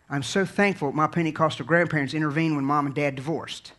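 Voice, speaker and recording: Male preacher from Virginia, slightly higher voice, conversational sermon storytelling with restarts. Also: steady tone, a little fast, hardly any pauses. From Virginia, USA. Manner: earnest preaching, drops low and quiet then builds to loud, fervent peaks.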